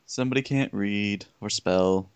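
A man's voice: fairly low pitch, a little slow, clean tone, no room sound. A man co-hosting a comedy reading, chiming in with wry sarcastic jokes in casual banter. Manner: wry sarcastic quips, jokey asides. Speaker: co-host.

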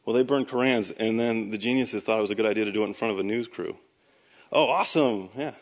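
An American Christian speaker and army veteran shares his personal testimony as a sermon, telling it conversationally with sarcastic asides and emphatic outbursts. His voice is lowish, fairly flat in pitch, and very fast.

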